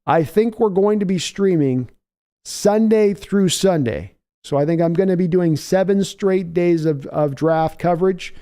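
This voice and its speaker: A male sports podcast host chatting casually on a live stream, rambling between jokes and viewer questions. His voice sits on the higher side. He talks loosely, restarting sentences as he goes. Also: unhurried, dark tone, clean tone. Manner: rambling, joking, answering chat questions.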